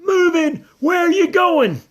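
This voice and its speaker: A man voicing a timid, nervous young ranch dog in a storybook reading, high and jittery. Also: animated, a little slow. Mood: worried.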